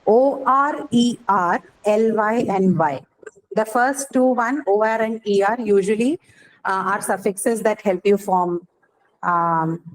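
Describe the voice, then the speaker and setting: A woman's voice: mid-range voice, low-quality recording. A woman teacher giving a lecture, explaining step by step and often checking in with her students. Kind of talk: classroom lecture.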